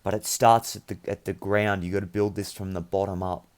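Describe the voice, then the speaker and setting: A young man with a somewhat low voice does tarot readings for his viewers, speaking a little fast in a level tone. His manner is earnest and meandering as he offers encouragement and spiritual reassurance.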